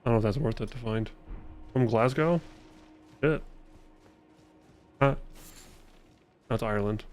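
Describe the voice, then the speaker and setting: A man's voice: medium pitch, a little slow, darkish tone, soft background music. A man streaming a video game live, chatting casually and a bit profanely with his viewers as he plays, rambling from thought to thought. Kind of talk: casual live-stream chat while gaming.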